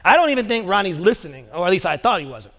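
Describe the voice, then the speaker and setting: A pastor delivers a sermon in a high voice, shifting into loose, chatty storytelling full of filler words. His voice rings out with long reverb through a large church auditorium. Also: very animated, fast, a bit bright. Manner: casual storytelling with many fillers.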